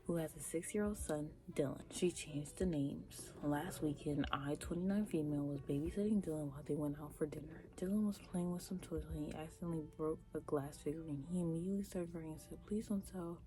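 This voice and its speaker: A young woman with a low, warm voice reacts in animated, casual commentary, talking straight to her viewers. She often drops into breathy half-whispered asides, with faint music playing underneath. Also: fairly quick, hardly any pauses. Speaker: reaction vlogger.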